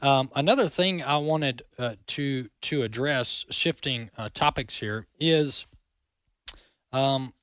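A man's voice: mid-range voice, slow, fairly bright tone, no echo. A male talk show host giving opinionated commentary in an emphatic, indignant manner.

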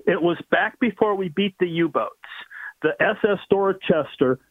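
A man's voice: high-pitched, expressive, moderate pace, no room sound. Male caller on a tinny phone line. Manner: storytelling, wry. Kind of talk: casual radio call-in chat.

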